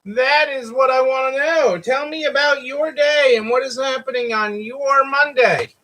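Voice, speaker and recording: A man's voice: very high voice, a little slow, sharp tone, poor audio. A man hosting a casual live stream for store owners, who greets viewers by name and repeats his phrases. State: hiccups. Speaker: livestream host for store owners.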